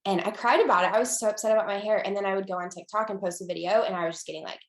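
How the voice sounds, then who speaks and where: A young woman talking casually as an interview guest, with lots of fillers and restarts, getting lively when she quotes people. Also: mid-range voice, racing, reverberant.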